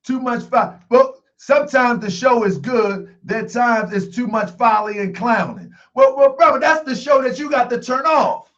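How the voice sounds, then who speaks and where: A man hosting a call-in livestream show, talking emphatically with much repetition, sometimes shouting and laughing. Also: very high-pitched, normal speed, few pauses, dull audio. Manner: joking, laughs often.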